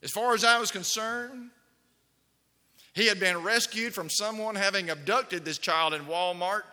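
A pastor with a high-pitched, pushed and bright voice takes an unhurried pace through his sermon. He tells stories and poses questions to his congregation, and the recording has a long hall reverb.

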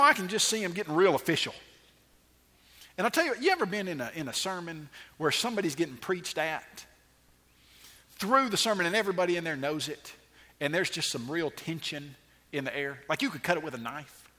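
Animated high-voiced male preacher. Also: big-room sound. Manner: animated, dramatic pauses, rhetorical questions. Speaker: pastor. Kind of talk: sermon.

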